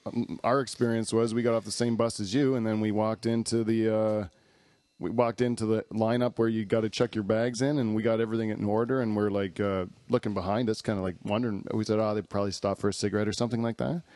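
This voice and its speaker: Give me a man hosting a casual podcast, easygoing and quick to laugh along. His voice runs low. The sound is dry and close, with little room around it. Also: steady tone, darkish tone, no room sound. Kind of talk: casual chat. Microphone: headphones on a remote call.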